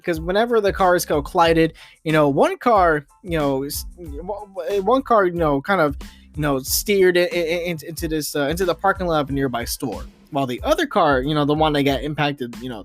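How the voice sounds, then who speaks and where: A young man hosting a podcast, telling a long story in a rambling, exasperated way, full of fillers and restarts. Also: fairly high pitch. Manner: exasperated ranting, swears softly. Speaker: podcast host. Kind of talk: casual late-night storytelling monologue.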